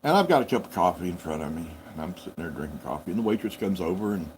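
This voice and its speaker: A fairly low-voiced man spins a folksy, rambling yarn on a live farm stream. He corrects himself as he goes, unhurried and homespun. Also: animated, a little hiss or hum, poor audio. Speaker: farm channel host.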